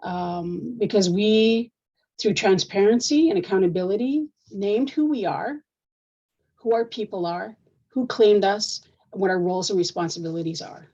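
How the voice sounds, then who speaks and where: A woman's voice: medium pitch, normal speed, mellow, highs cut off. A woman moderating a live online panel, speaking firmly and directly. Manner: firm, direct, assertive.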